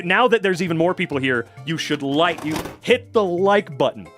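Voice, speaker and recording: Young man, livestreamer, excitable, profane, animated voice. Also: high voice, normal speed, few pauses, faint music behind. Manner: excitable, swears a lot, laughs often, reacts to chat. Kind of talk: casual livestream chat.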